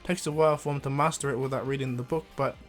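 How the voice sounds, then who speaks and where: A man's voice: medium pitch, steady tone, fast, soft background music. A man casually retelling a fan story, rambling with frequent fillers and restarts.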